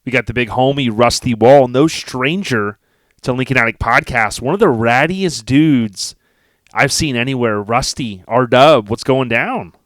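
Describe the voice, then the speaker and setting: A man's voice: mid-range voice, measured pace, a bit bright, no echo, studio quality. A man hosting a podcast in casual conversation, enthusiastic and full of slang. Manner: enthusiastic, slangy, calls guest dude and man. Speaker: podcast host.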